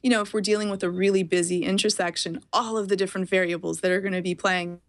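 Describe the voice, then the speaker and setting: A woman guest speaking as a parent, explaining her views in an animated, quick way and often laughing. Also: mid-range voice. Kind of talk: casual chat.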